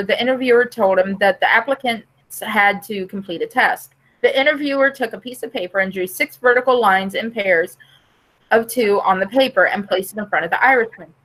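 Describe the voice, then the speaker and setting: A woman's voice: on the high side, fairly bright tone, a little hiss or hum, rough recording. A woman reading jokes aloud to friends on a group call. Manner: reads jokes with quoted voices. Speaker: joke teller on a group call.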